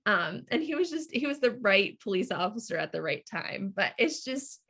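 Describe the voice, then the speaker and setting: A woman's voice: medium pitch, big pitch swings, normal speed, gravelly, a bit bright, slightly rough. A woman from the United States, a podcast guest, openly telling her personal story with many fillers. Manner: candid, lots of fillers.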